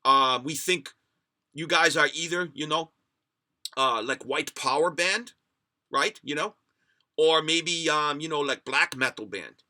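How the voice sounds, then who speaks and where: A man voicing a stern male highway cop, speaking halting broken English. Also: sharp tone. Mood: blunt, explaining.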